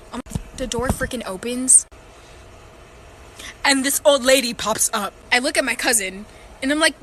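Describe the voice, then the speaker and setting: A woman tells a funny story in lively slang and swears freely. Her voice is high and bright. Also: normal speed, pauses often, a little hiss or hum. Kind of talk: casual storytelling.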